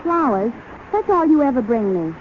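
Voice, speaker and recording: A woman's voice: high voice, lively intonation, normal speed, slight background noise. A woman playing a bossy, scheming young wife in a radio comedy sketch, pushy and wisecracking, on a tinny 1930s broadcast. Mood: coy.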